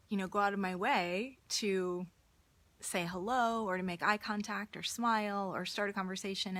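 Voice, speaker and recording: An earnest woman talks straight to her viewers in a casual, encouraging tone. She tells personal stories at an easy pace, her pitch sitting in an ordinary middle range, and she often repeats a word as she restarts a thought. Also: dry recording. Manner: earnest, warm-hearted, restarts words, storytelling. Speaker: motivational speaker hosting a live stream. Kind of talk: casual motivational talk.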